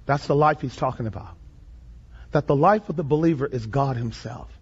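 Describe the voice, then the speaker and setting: A man preaching a sermon, reading scripture slowly and dramatically and asking the congregation questions. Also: medium pitch, slightly rough. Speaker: pastor. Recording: dull lo-fi audio with long reverb.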